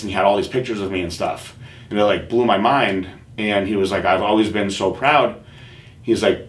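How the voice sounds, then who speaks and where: A man hosting a podcast, telling a personal story in an earnest, halting way with many fillers and restarts. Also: sits low, roomy sound. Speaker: podcast host.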